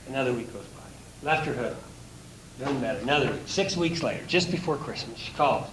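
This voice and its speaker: A man speaks as a motivational coach, spinning folksy anecdotes at an even, middling pitch. He chuckles now and then as he tells his stories. The room sounds roomy and echoey, with a faint hiss underneath. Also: a little fast. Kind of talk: anecdotal storytelling talk.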